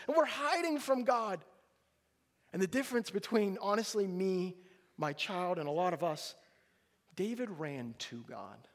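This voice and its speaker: A middle-aged male pastor preaching a sermon, animated and acting out the voices of people in the story. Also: high voice, moderate pace. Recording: long hall reverb.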